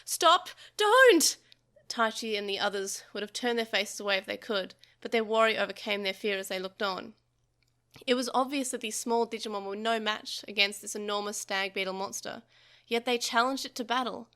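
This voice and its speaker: Woman, podcast host, reading a novel aloud, expressive, bright tone. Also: mid-range voice, a little fast. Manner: expressive, with small slips.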